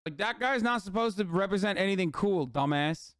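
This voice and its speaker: A man's voice: sits high, lively intonation, a little fast, no echo, clean studio sound. A man hosting a livestream in casual chat, ranting, mocking and swearing freely. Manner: reads viewer messages aloud. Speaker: streamer host.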